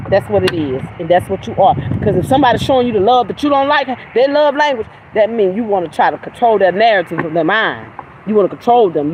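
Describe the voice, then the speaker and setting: A woman's voice: fairly high pitch, darkish tone, poor audio. Blunt, preachy woman over street noise. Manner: blunt, emphatic, preachy, with spiritual talk and cursing. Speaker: livestream host. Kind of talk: casual livestream monologue.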